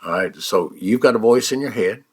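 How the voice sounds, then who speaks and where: Older man, very deep voice, folksy guided exercise, slow and soft. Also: slightly rough. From United States. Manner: folksy, repeats "all right?" and "okay?"; slow, soft-spoken guidance. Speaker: author teaching a mind exercise. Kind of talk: guided eyes-closed exercise talk.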